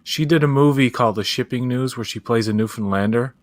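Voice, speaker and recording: A man's voice: medium pitch, brisk, no echo. A man, blunt and sweary, co-hosting a casual late-night chat show. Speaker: podcast co-host.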